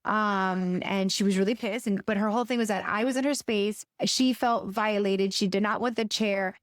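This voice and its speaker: A woman's voice: medium pitch, fairly even intonation, normal speed, no room sound, studio quality. A middle-aged woman co-hosting a podcast, telling a story in a casual, hesitant way with many restarts and fillers. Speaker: podcast co-host.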